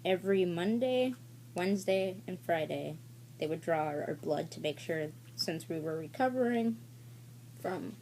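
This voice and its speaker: Brief: woman vlogger, casual and candid, swears freely, soft dark tone. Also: fairly low pitch, expressive, unhurried, a little hiss or hum. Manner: rambling and candid, with frequent fillers and swearing. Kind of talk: casual story-time vlog.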